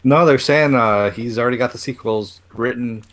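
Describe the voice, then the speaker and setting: A man's voice: medium pitch, normal speed, a bit bright. A man co-hosting a casual movie review chat, laid-back and matter-of-fact. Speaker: podcast co-host.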